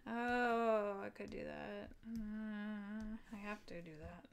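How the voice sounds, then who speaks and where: A woman hosting a casual board game live stream, upbeat and quick to laugh as she cheers and greets viewers. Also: medium pitch, level tone, vocal fry.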